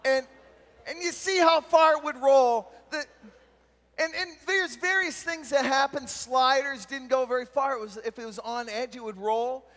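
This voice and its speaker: A youth pastor giving an animated storytelling talk at a youth retreat and shouting out the punchlines. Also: male voice, extremely high pitch, normal speed. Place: large retreat meeting hall. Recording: long hall reverb from a live talk.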